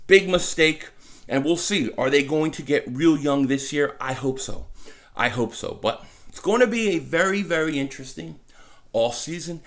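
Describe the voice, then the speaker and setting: A man talking casually about his football team from home, excitable and stumbling over his words as he repeats himself. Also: fairly high pitch, normal speed. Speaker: sports vlogger. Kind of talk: casual fan commentary. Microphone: desk mic.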